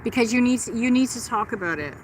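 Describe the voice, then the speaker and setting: A woman's voice: a little high, lively intonation, fast talker, a little hiss or hum, rough recording. A middle-aged woman hosting a casual livestream from a park, chatting and gushing as she answers her viewers, talking into a phone she holds as she walks. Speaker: livestream host. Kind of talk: casual live chat with viewers. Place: outdoors in a park.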